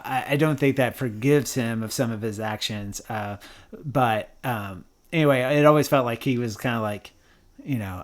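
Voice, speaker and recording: A man hosting a podcast, chatting casually and thinking aloud, with many restarts and agreeing asides. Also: medium pitch. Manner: halting, lots of fillers and restarts, frequent yeahs. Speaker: podcast host. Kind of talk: casual chat.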